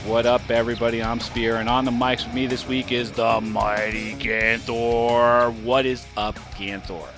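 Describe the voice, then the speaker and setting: A man hosting a casual podcast, joking and firing quick questions. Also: medium pitch, little pitch movement, over music. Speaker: podcast host.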